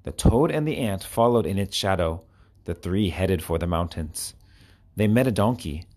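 Low-voiced man reading children's stories. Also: moderate pace. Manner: clear, expressive storytelling. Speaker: narrator.

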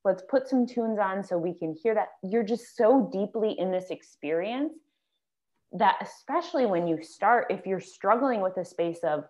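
A woman's voice: medium pitch, lively intonation, moderate pace, a little mellow. Encouraging woman on muffled audio. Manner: encouraging, coaching tone. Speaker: breathwork facilitator. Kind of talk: casual chat about breathwork.

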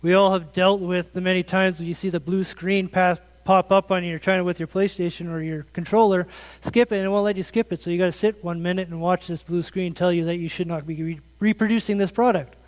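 A man's voice: high-pitched, fairly even intonation, a little fast, in a large hall, poor audio. A man in his thirties preaching a conversational sermon, asking his congregation pointed, earnest questions. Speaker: pastor.

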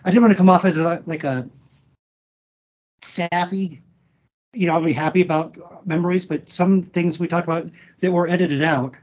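A man talking as a podcast guest about an old friend, halting with restarts, emotional and swearing freely. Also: on the high side, fairly even intonation, darkish tone, muffled recording. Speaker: guest, former wrestler. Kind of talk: casual podcast interview.

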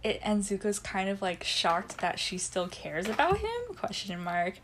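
A woman's voice: medium pitch, huge pitch swings, a little slow, a bit bright, slight background noise. Chatty young woman podcast co-host. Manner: chatty, laughs often, acts out quotes. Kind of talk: casual chat.

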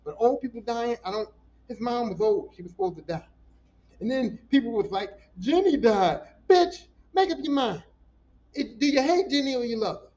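Animated high-voiced man ranting profanely. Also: a little fast, dull audio. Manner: animated, profane, talks back to listeners. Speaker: podcast host. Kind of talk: casual solo podcast rant.

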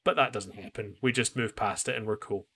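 A man's voice: lowish voice, fairly even intonation, a little fast, pushed and bright, breathy edge. A man co-hosting a podcast, chatting casually and rambling as he recaps an anime, acting out lines. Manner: rambling, self-interrupting, acts out quotes. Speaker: podcast co-host.

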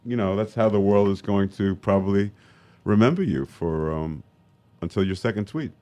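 A man who is a guest on a podcast, chatting casually and telling deadpan, crude jokes. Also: on the low side, moderate pace.

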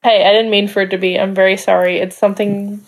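A woman's voice: mid-range voice, little pitch movement, fast, a crowd in the background. A young American woman co-hosting a podcast, chatting casually with rambling, apologetic asides. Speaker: podcast co-host.

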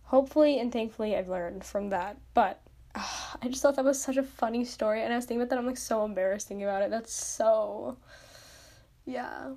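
A woman's voice: on the high side, brisk, mellow. A young woman hosting a podcast, telling a story in casual chat, self-mocking and full of "like". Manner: chatty, lots of "like", self-mocking. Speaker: podcast host.

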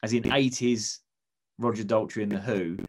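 A man's voice: on the low side, fairly even intonation, moderate pace. A man chatting casually, rambling enthusiastically with many restarts. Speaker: podcast co-host. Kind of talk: casual comedic chat.

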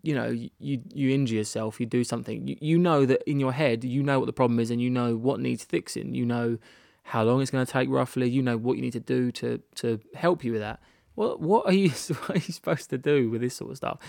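British male podcast host, young, gravelly tone, dry close sound, rambling and self-deprecating. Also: medium pitch, fairly even intonation, brisk, darkish tone, dry recording. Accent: British English. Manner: rambling, frequent restarts and self-deprecating laughs. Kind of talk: candid solo podcast monologue. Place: rented holiday annex.

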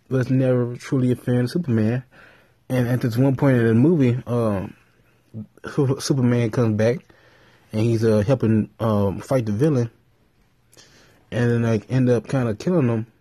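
A man vlogging in a rambling, profane, animated way, retelling stories with frequent restarts. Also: mid-range voice, husky, dry recording. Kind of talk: casual commentary.

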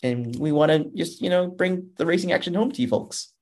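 A man's voice: on the high side, a little fast, a little mellow. Guy in his 30s hosting a racing podcast, chatty, rambling, keeps calling people folks. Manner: upbeat, rambling, addresses listeners as folks. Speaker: podcast host. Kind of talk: casual show wrap-up chat.

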